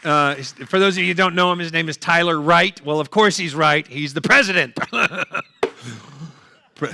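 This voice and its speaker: A man's voice: on the high side, moderate pace, bright, forceful tone, a little hiss or hum. An older man doing a stand-up comedy set, punchy, chatty and full of jokes.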